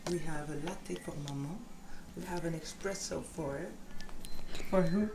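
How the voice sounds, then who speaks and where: A woman's voice: deep voice, measured pace, warm tone. A woman filming a casual family vlog, chatty and laughing often as she talks to the camera. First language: French. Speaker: mother and vlogger.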